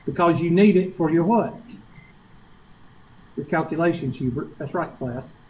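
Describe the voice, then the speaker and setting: Lecturing on math with a South Carolina Southern accent, this Upstate college teacher keeps things chatty and jokey, tossing out rhetorical questions. His pitch is fairly high, and the lo-fi recording has slight background noise.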